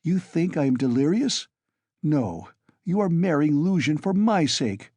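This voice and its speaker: Man reading feverish young student, irritable, insistent, lifted pitch, dry. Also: sing-song, a little slow, dark tone, slightly rough, no echo, heavily acted.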